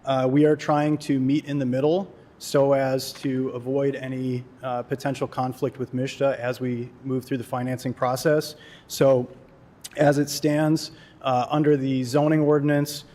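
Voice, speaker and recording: A man's voice: medium pitch, little pitch movement, moderate pace, dark tone. Male developer addressing a board, formal and plain, some fillers. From Kalamazoo, Michigan. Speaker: developer applicant. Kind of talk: public hearing testimony.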